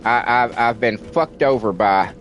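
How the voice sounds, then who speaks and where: A man's voice: mid-range voice, measured pace, fairly bright tone, faint music behind. A man from the United States, a livestreamer ranting in a heated, profane way and repeating words for emphasis. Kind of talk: casual ranting commentary on stream.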